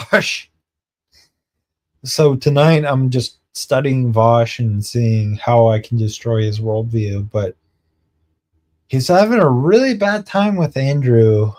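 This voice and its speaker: A man streaming, telling a rambling casual story and acting out his friends' lines in quick quotes, laughing and swearing now and then. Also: mid-range voice, a little mellow.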